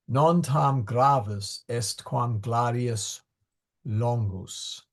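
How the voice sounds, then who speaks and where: A man teaching a Latin class, unhurried, often pausing to hunt through his notes and muttering asides to himself. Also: medium pitch, creaky.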